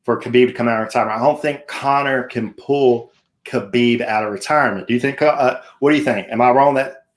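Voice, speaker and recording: A man's voice: mid-range voice, a little fast. A man hosting a casual sports talk show, chatty and jokey, tossing questions to his co-host and viewers.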